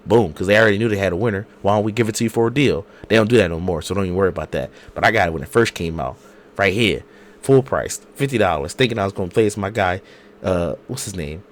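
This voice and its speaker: A hoarse man, an animated, slangy podcast co-host telling a story over a video call. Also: deep voice, fast. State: hoarse from a cold. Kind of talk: casual chat.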